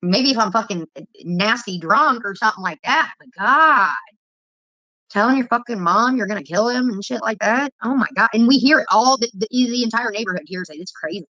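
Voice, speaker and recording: A woman rants through a casual livestream, swearing as she tells her stories. Her voice is bright and sharp, and it sits a little high. The sound is dull and lo-fi, with a dry, close feel. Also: a little fast, dry recording. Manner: profane, heated storytelling. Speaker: vlogger.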